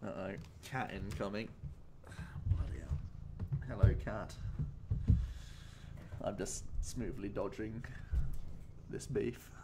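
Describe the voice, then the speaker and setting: A man's voice: lowish voice, steady tone, takes it slowly, pauses often, heavy background noise. A man from the UK co-hosting a livestream, chatting casually and teasing his co-host. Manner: teasing, laughs often. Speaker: stream co-host. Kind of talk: casual stream chat.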